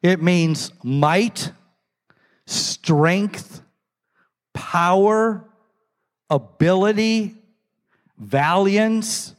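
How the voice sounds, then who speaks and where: Slow, high-voiced preacher in an echoey hall. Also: male voice. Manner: storytelling, acts out quoted voices. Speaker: pastor. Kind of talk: sermon.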